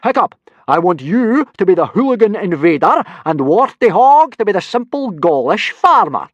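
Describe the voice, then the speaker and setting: A man's voice: high-pitched, big pitch swings, moderate pace, no room sound, dull audio, voice pushed up. Bellowing giant Viking teacher, read by a man, dry close storybook voice. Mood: yelling. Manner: bellowing, roaring. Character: huge booming male Viking teacher.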